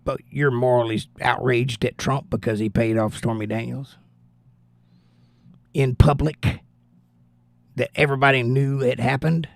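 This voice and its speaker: A man's voice: medium pitch, steady tone, unhurried, creaky, long pauses, dry recording. A man hosting a live stream, giving blunt, opinionated political commentary in a casual chat style and answering viewers. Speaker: livestream host reading chat.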